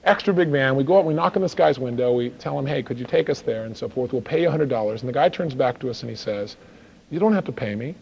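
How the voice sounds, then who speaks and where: A man telling a personal story in a motivational talk, acting out the dialogue with lively energy. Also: medium pitch, quick pace, gravelly, slight background noise. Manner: animated, acts out dialogue in his stories. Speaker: seminar speaker. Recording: dull lo-fi recording.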